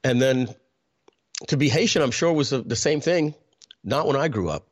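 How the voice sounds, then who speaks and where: A man's voice: mid-range voice, expressive, normal speed. A man, telling a personal story in a conversational way, full of fillers and restarts. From New York. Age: 50s. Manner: conversational, many fillers and restarts, clears throat often.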